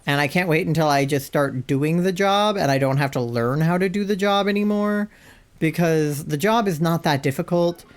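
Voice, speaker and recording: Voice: mid-range voice, moderate pace. Rambling, chatty game streamer. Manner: chatty, rambling, lots of fillers and asides. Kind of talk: casual chat while playing a video game.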